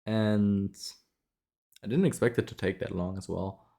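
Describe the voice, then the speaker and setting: Low-voiced man telling a story casually. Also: steady tone, unhurried, gravelly, warm tone. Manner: rambling, many fillers and restarts, frequent laughs. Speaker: vlogger.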